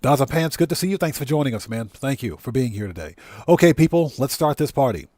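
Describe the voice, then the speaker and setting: A man's voice: mid-range voice, animated, fast talker, a little mellow, dry recording. A man hosting a casual gaming livestream, talking loosely and greeting chat viewers by name, at times choked up. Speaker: livestream host.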